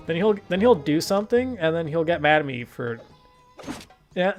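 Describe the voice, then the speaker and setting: A young man hosting a gaming video, telling rambling stories in casual chat, swearing and laughing often. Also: a little high. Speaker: gaming channel host. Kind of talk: casual chat over gameplay.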